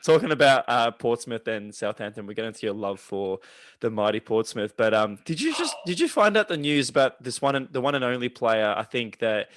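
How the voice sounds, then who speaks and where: Australian man, podcast host, animated swearing storyteller, mid pitch, dry close mic. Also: fairly quick, no room sound. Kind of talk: casual chat.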